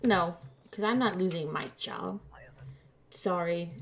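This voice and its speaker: A woman streaming a game, talking half to herself in a slow, unhurried way as she checks things over. Her voice has a gravelly, fry-edged texture, and keyboard typing clicks sit faintly behind her. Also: lowish voice, background noise. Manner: muttering to herself while checking documents, playful. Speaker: gameplay streamer. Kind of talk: casual let's-play commentary.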